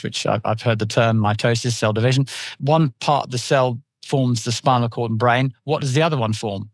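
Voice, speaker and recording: A British man in his fifties talks quickly as a podcast guest, wandering through anecdotes while he explains. His pitch sits in an ordinary middle range. The recording is dry and close. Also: no room sound. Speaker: nutritional therapist guest. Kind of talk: podcast interview.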